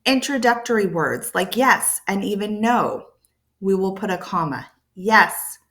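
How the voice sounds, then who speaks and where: In an animated, unhurried medium-pitched voice, a woman teaches English learners while addressing the camera. She patiently restates the main points and livens things up with playful emphasis and sound words.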